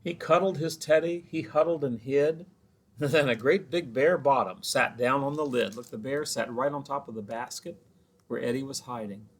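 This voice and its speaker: A man's voice: medium pitch, normal speed. A man who is a children's librarian, reading a picture book aloud with chatty asides to the children.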